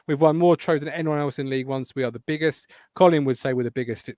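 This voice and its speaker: A man hosting a casual football podcast, reading out listener comments and teasing his co-hosts in an animated way. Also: a little high, rapid-fire, dry recording. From England. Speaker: podcast host.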